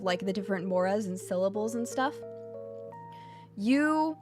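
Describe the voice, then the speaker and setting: A woman streaming a casual lesson, blunt and a bit profane, who repeats her points and keeps checking in with "okay?". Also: mid-range voice. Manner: repeats phrases for emphasis. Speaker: VTuber streamer teaching Japanese.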